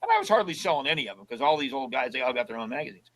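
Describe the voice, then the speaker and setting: A man's voice: medium pitch, sing-song, rapid-fire, poor audio. Folksy older man telling stories. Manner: folksy storyteller who acts out both sides of past conversations. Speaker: guest. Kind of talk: casual storytelling interview.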